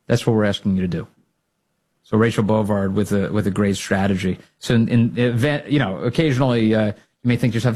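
A man's voice: brisk, a little mellow. Man, political talk host, emphatic commentary, rallying tone. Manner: emphatic, rallying, swings to high pitch when fired up. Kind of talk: opinionated commentary.

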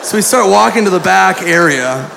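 A man doing stand-up with a high, gravelly voice. He tells a crude, self-mocking story in an animated way. Crowd murmur and background noise from the live club sit under him. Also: moderate pace. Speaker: stand-up comedian.

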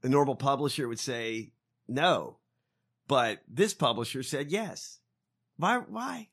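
A man's voice: medium pitch, animated, measured pace, fairly bright tone. A man co-hosting a casual podcast chat, profane and incredulous, laughing often. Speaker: podcast co-host.

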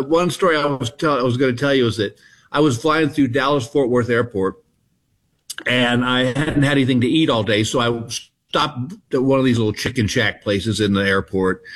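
A man's voice: mid-range voice, a bit bright. Laid-back comedian in his sixties. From Texas. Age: 60s. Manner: laid-back, self-mocking, rambling anecdotes. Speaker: comedian guest. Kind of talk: casual storytelling interview.

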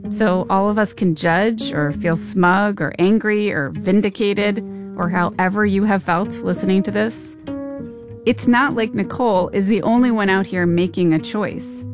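Woman, podcast host, scripted narration, measured, rhetorical questions, guitar backing. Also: medium pitch.

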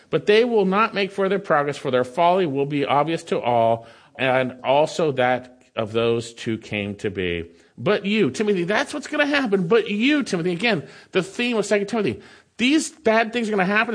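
A male pastor preaching an expository sermon, reading scripture aloud and breaking in with lively rhetorical questions. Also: a little high.

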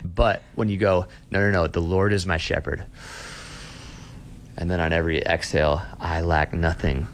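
A young man with a very low voice talks as a pastor in an interview. He sounds earnest and reflective, and he often restarts and repeats words as he works through his thoughts. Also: little pitch movement, moderate pace, a little hiss or hum. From Austin, Texas. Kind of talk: conversational interview.

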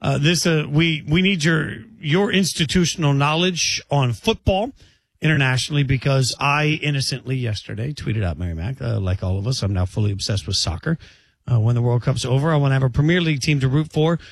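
A man's voice: mid-range voice, fairly quick, vocal fry, dry recording. A man hosting a sports radio show, joking and chatty, with some hesitant restarts. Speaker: radio host. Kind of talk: casual sports radio talk.

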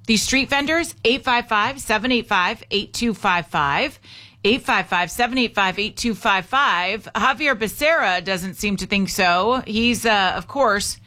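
A woman with a mid-range, bright, forceful voice hosts a morning talk radio show, speaking a little slowly. She is chatty and opinionated as she comments on the news, repeating the call-in number over and over.

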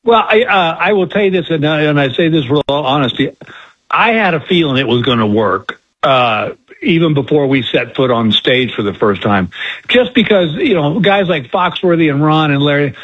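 A man's voice: on the high side, animated, normal speed, slightly rough, dull audio. A man, a guest comedian, telling folksy, self-deprecating stories in a radio interview.

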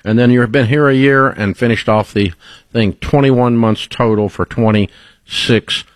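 A man hosting a casual on-air interview, upbeat and quick with sarcastic jokes. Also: mid-range voice, steady tone, no room sound. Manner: upbeat, joking, sarcastic asides. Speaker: radio show host.

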